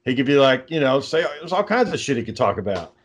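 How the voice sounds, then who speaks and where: A man's voice: mid-range voice, sing-song, fast, husky. A man co-hosting a podcast, talking in a rambling, profane, casual way and reading out text messages. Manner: profane, rambling, reads out texts. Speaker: podcast co-host.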